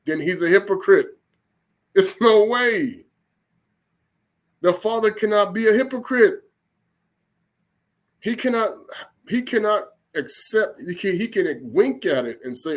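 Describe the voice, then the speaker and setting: A man's voice: sits high, normal speed, long pauses. A man giving an informal spoken sermon in a rambling, colloquial way, with frequent restarts and "okay?" checks. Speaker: religious teacher.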